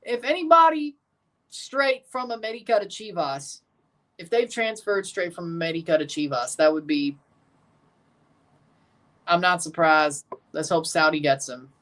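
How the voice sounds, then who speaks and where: A man's voice: fairly high pitch, a little slow, long pauses, a bit bright. A man streaming casual, opinionated commentary as he watches a football match and talks to his viewers.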